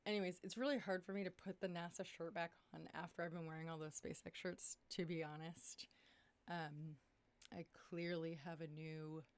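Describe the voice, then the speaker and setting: A young woman hosting a casual livestream from her small room at home, chatty and excitable, jumping between topics while tired and losing her voice. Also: low voice. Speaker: livestream host.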